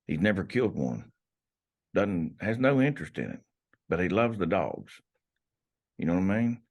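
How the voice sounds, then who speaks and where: Very deep-voiced man, rambling folksy talk. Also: sing-song, normal speed. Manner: rambling, folksy, many restarts. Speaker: podcast guest, hunter. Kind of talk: casual storytelling. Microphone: podcast microphone.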